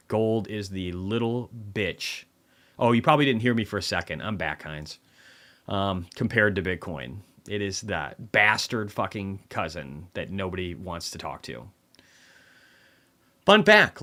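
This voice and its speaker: A man's voice: on the low side, fairly bright tone. A tired man casually rambling through a market recap livestream, swearing often. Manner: profane, rambling, offhand.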